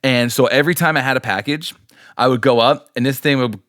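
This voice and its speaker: A man's voice: medium pitch, a little fast, a bit bright, no echo, clean studio sound. A man hosting a podcast, telling rambling stories in casual chat and laughing often. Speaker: podcast host.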